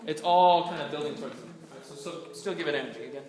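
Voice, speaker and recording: A man running a choir rehearsal, giving brisk directions, counting in and singing lines to show the way. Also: fairly high pitch, crowd noise. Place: rehearsal room. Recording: echoey room with choir singing.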